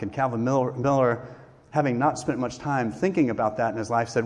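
A man delivering a sermon in a church sanctuary, earnest and emphatic as he acts out the people he quotes. His voice sits at an ordinary middle pitch. The sound carries a long reverb from the hall. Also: steady tone, quick pace. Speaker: pastor.

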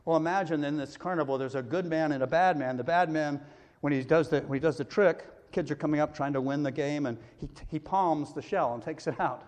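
A male pastor with a highish, darkish voice preaches briskly and conversationally, now and then acting out the people in his story. A long hall reverb colors the sound.

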